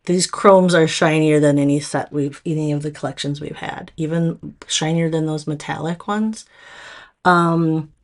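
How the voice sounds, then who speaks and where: A woman's voice: low voice, darkish tone. A woman with a Minnesota accent showing off nail products in a casual, chatty way, full of fillers and restarts.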